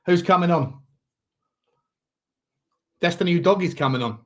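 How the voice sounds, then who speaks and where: A man hosting a live football watchalong, calling the match and chatting to viewers, with sudden loud shouts when chances come. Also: high-pitched, normal speed. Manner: excitable, shouts at big chances, chats to viewers.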